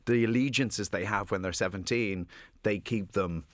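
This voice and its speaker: A man's voice: fairly low pitch, normal speed, a bit bright, no echo. An Irish man talking as an author guest in a radio studio interview, rambling and self-deprecating with many restarts. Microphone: studio microphone.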